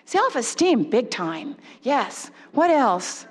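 High-voiced woman lecturing in a hall. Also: slow pace, slightly rough. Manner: animated, asks the audience questions. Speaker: parenting workshop speaker. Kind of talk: lecture to a live audience.

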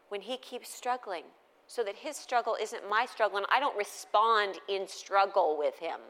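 A middle-aged woman giving a humorous storytelling talk at a faith gathering, lively and conversational, often asking the audience questions. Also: medium pitch, in a large hall.

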